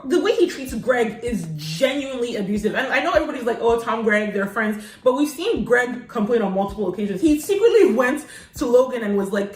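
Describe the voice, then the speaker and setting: A woman co-hosting a casual podcast chat, animated and opinionated, often acting out quotes. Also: medium pitch, echoey room, far from the mic. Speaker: podcast co-host.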